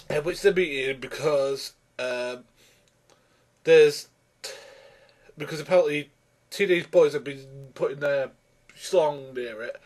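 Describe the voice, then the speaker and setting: Exasperated man ranting, higher voice. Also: a little mellow. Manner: exasperated, rambling, many restarts. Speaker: film reviewer. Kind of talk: ranting film review vlog.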